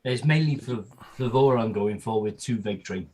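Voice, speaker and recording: A man's voice: fairly low pitch, normal speed, over a noisy crowd. A man with a Welsh accent hosting a casual livestream chat in an easygoing, matter-of-fact way. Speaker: host.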